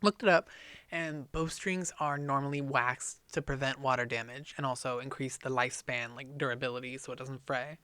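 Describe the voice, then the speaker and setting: A man co-hosting a podcast, excitably retelling a book chapter in casual chat and swearing freely. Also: mid-range voice, normal speed, clear, resonant tone, no echo. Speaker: podcast co-host.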